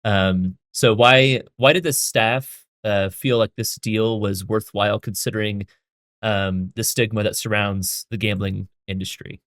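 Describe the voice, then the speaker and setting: A man's voice: fairly low pitch, steady tone, unhurried, a bit bright, no room sound. A man moderating a live Q&A, reading out fan questions hesitantly with many ums.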